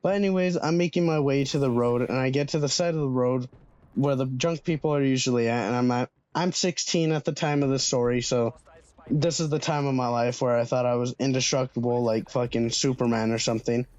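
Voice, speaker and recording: Young male vlogger, casual swearing storyteller, average pitch, somewhat dull recording. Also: fairly even intonation, a little fast, darkish tone, no echo. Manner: casual, swearing freely, slangy. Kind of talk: storytime vlog.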